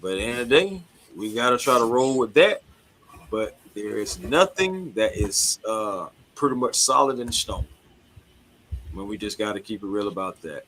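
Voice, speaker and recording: A man with a bright, forward tone. He co-hosts a casual sports talk show, relaxed and slangy, agreeing easily and keeping things real. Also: fairly low pitch, normal speed, a little hiss or hum, poor audio. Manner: laid-back, slangy, agreeable.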